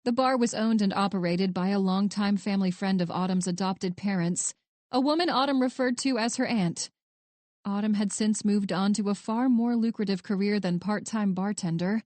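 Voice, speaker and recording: A woman narrating a romance audiobook in an even, measured storytelling voice. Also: mid-range voice, no room sound.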